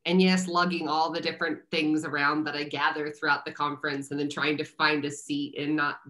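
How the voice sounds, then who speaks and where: A woman's voice: deep voice, level tone, a little fast, fairly bright tone. A woman moderating a webinar over a video call, speaking in a friendly, easygoing way with a few hesitations.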